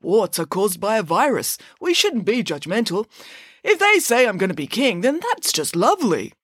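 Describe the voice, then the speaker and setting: A woman's voice: mid-range voice, big pitch swings, normal speed, a bit bright, breathy edge, no echo, studio quality. Woman doing cheerful gullible nobleman. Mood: chatty. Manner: chatty, easily pleased.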